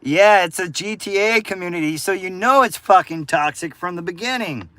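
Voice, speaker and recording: Profane, combative man, forceful voice. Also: sits high, moderate pace, no room sound. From United States. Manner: profane, combative ranting at chat. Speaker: live streamer. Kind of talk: casual livestream chat with viewers.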